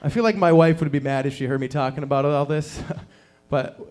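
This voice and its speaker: A man in his thirties doing a deadpan stand-up set at a small open mic, acting out quotes with big jumps in pitch. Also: brisk. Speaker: stand-up comedian. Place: small performance venue.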